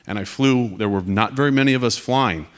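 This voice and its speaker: An American man in his forties, a career Air Force officer about to retire, addresses a student audience during a panel. He speaks with a middling pitch, earnest and direct. He walks through his slides with stories and the occasional dry joke. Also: a little fast, clean tone. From United States. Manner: earnest, direct and storytelling, with wry asides.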